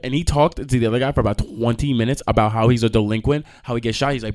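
A young man hosting a podcast, telling stories in a casual, profane rant with sudden loud outbursts. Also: mid-range voice, quick pace. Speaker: podcast host.

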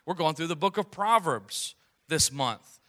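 Man, pastor, sermon to young adults, conversational and animated, bright forceful tone. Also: fairly high pitch, unhurried. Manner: conversational, animated, with storytelling asides.

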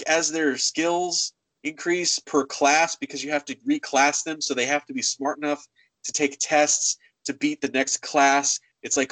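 Animated man chatting about games. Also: on the high side, measured pace, dry recording, rough recording. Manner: animated, acts out game dialogue in funny voices. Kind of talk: casual gaming chat.

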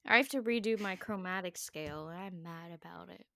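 A woman's voice: fairly low pitch, brisk, vocal fry, no room sound, studio quality. A woman co-hosting a podcast, chatting casually and telling stories with lots of giggles. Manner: giggly, animated storyteller. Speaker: podcast co-host. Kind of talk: casual chat.

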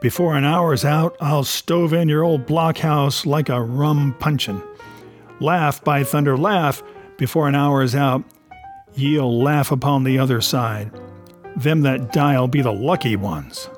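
A man voicing a one-legged old pirate cook who talks in rough sailor's dialect, wheedling and then threatening. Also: mid-range voice, a little slow, soft background music, close to an everyday voice. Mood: furious.

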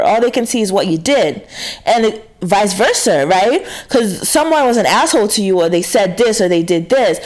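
A woman's voice: medium pitch, darkish tone. Frank, swearing woman rambling casually. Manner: frank, swears freely, many fillers and restarts. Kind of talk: casual confessional monologue.

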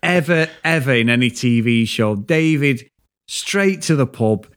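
A man co-hosting a casual podcast, swearing freely as he retells scenes with lively energy. His voice sits at an ordinary middle pitch. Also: unhurried, clear, resonant tone. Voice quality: sweary, animated storyteller. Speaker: podcast co-host. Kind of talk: casual chat reviewing a TV show.

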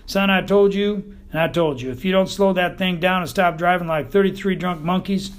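Man voicing a pompous old buzzard, Texan drawl, bossy, lecturing, pitched up high, loud and blustering, audiobook. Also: normal speed, close to an everyday voice. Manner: bossy, self-important lecturing. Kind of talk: audiobook character voice.

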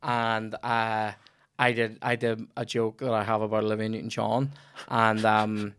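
A man's voice: lowish voice, completely flat delivery, measured pace, fairly bright tone, smooth, no echo, clean studio sound. A young man with a Northern Irish accent, a comedian hosting a podcast, telling stories in casual chat and swearing freely. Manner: rambling storyteller, swears freely.

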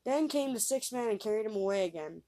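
Woman, storyteller, reading a fairy tale aloud, livelier on the characters' lines. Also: fast. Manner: lively reader raising pitch and volume for quoted voices.

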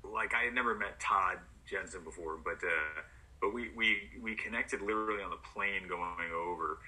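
A man being interviewed as an actor, telling stories in an animated way and acting out what others said. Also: low-pitched, normal speed, low-quality recording. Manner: animated, acts out quotes. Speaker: actor guest. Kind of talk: storytelling in a podcast interview.

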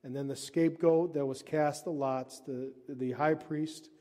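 A man preaching a sermon as pastor at a church service, moving from emphatic reading to hushed, intense explanation. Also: a little high, steady tone, measured pace, long reverb tail.

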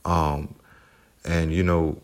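A man's voice: extremely low pitch, flat delivery, extremely slow. A single father telling his own life story in a heartfelt, loose way, with lots of "you know" and "man". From United States. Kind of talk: personal storytelling.

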